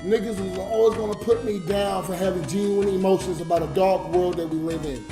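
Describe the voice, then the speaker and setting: A man's voice: sits high, fairly even intonation, brisk, music in the background. A drunk man livestreaming to his chat, crying and ranting in an emotional, slurred way. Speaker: livestreamer and YouTube comedian.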